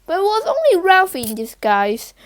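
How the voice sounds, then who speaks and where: Woman reading a kids book out loud, real high voice, stumbles and restarts sometimes. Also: wildly swooping pitch. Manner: halting, with slips and restarts. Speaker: reader. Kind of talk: reading a children's book aloud.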